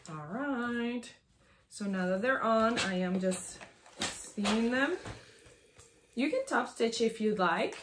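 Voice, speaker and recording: A woman's voice: on the high side, expressive, slow pace, noisy background. Chatty woman with a sore throat. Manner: chatty and rambling, many "um"s and asides. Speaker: sewing pattern designer demonstrating a project. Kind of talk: casual sewing tutorial chat. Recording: echoey room.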